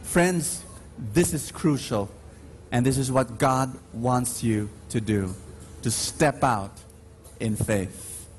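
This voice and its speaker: A faint hiss or hum accompanies this mid-range male voice as he preaches at Mass in a large church. He emphatically calls to the congregation and they respond, and his stories unfold slowly with dramatic rises.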